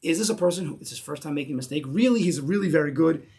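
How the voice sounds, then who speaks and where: A man's voice: a little high, lively intonation, rapid-fire, gravelly, darkish tone. A man teaching a Torah class in English mixed with Hebrew terms, emphatic and repeating key phrases as he builds to a point.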